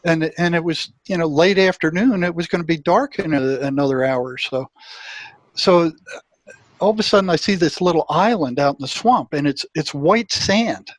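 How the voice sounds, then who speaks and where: A man's voice: on the high side, normal speed, no room sound. An older man, a retired therapist, telling a long personal story in a rambling way and acting out his inner voices. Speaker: guest, retired psychotherapist. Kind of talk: storytelling in an interview.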